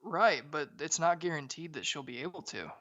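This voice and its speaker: A man's voice: a little high, expressive, moderate pace, fairly bright tone, no echo, lo-fi sound. A man co-hosting a podcast, giving laid-back takes while discussing a book. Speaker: podcast co-host. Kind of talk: casual book-discussion chat.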